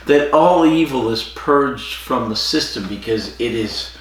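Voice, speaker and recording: A man's voice: mid-range voice, expressive, slow. A man co-hosting a casual podcast, retelling a TV episode and acting out the characters' lines. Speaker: podcast co-host. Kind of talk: casual chat recapping an episode. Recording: very echoey room with faint noise.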